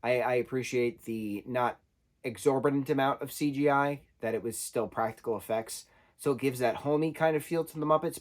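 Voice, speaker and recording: A man's voice: medium pitch, animated, normal speed. A man giving a casual spoken film review, talking loosely and correcting himself as he goes. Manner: conversational, self-correcting, loosely rambling.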